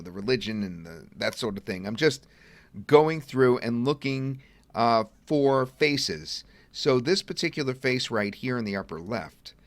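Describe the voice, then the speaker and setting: Fields: Sex: man. Role: software demo presenter. Style: casual webinar walkthrough. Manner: chatty, thinks aloud. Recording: dry, close mic. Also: mid-range voice, no echo. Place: at a computer desk.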